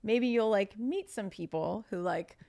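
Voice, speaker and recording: A woman in her thirties, a podcast guest telling stories in casual conversation, chatty and animated with lots of fillers. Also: mid-range voice, a little slow.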